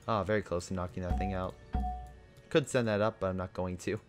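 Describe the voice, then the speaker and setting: A man's voice: sits low, fairly even intonation, fairly quick. A young man giving casual commentary on his strategy game, thinking aloud as he orders his units about. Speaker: gaming video host. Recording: game music behind the voice.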